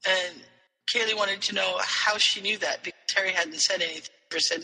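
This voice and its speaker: A high, bright man with a husky edge retells a story with lively swings in pitch. His voice carries a long hall reverb. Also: normal speed. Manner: animated, slips into character voices while retelling. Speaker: podcast co-host. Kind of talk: casual chat, retelling a story.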